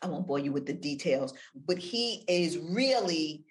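An older woman talking on a video call as an interview guest, animated, with big swings between loud and near-whispered delivery. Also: deep voice, a little slow. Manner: animated, wide swings of inflection, drops to near-whisper for effect. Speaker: guest, audio-room moderator.

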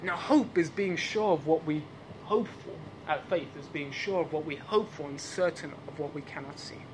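Male preacher, non-native english speaker, high voice, animated sermon, faint rumble behind. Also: moderate pace. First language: not English. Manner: animated, laughing asides, repeats rhetorical questions. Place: church service.

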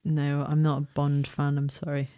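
A woman's voice: sits low, monotone, moderate pace, warm tone. A woman co-hosting a podcast in casual chat, giggly and chatty. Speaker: podcast co-host.

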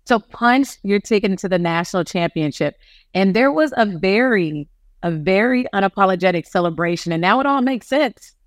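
A man hosting an interview podcast with a smooth, clean voice. He affirms his guest warmly in words, reacting with brief interjections before asking his next question. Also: high voice, expressive, normal speed. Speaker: podcast host.

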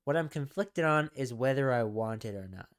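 A man co-hosting a casual podcast, animated and argumentative, often hedging his points. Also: medium pitch, moderate pace. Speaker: podcast co-host. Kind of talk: casual chat.

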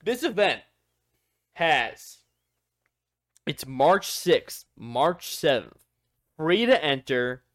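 A man's voice: fairly high pitch, big pitch swings, extremely slow, pauses often, a bit bright. A man co-hosting a loose group podcast, chatting casually with lots of fillers and restarts. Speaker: podcast co-host.

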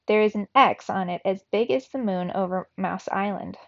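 A woman voicing a clever, proud young female mouse adventurer in a storybook read-aloud, excited and smug. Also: medium pitch, moderate pace, creaky, no echo, lightly acted. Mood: explaining. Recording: slightly dull lo-fi recording.

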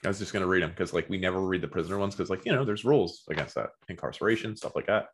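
A young man co-hosting a casual comedy podcast, joking in a deadpan way. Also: low-pitched, very fast, a little hiss or hum. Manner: deadpan, jokey, reads fan letters in put-on voices. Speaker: podcast co-host.

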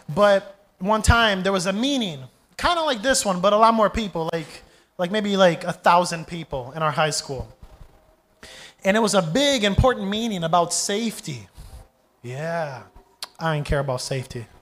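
A young adult man, a pastor, preaching a sermon in an animated storytelling way, asking the congregation questions and acting out voices. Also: high-pitched.

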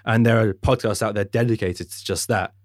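A man co-hosting a podcast in casual chat, talking quickly and animatedly and swearing freely. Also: lowish voice, fairly even intonation, no room sound, studio quality. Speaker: podcast co-host and editor.

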